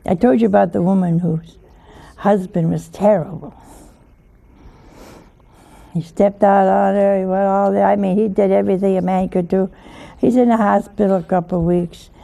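A woman's voice: medium pitch, fairly even intonation, moderate pace, gravelly, pauses often, warm tone. A woman giving an informal sermon in a folksy way, often asking her listeners rhetorical questions. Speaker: religious teacher.

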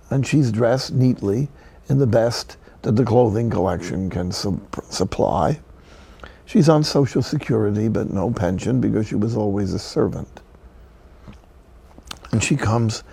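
A male priest telling stories in a broadcast sermon, slow and deliberate, dropping to a hush for emphasis. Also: on the low side, vocal fry, breathy edge.

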